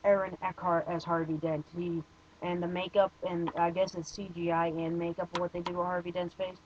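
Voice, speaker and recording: A man's voice: high-pitched, level tone, a little fast, dull audio, background noise. A man giving a casual spoken movie review, hesitant and rambling, with many fillers and blunt opinions.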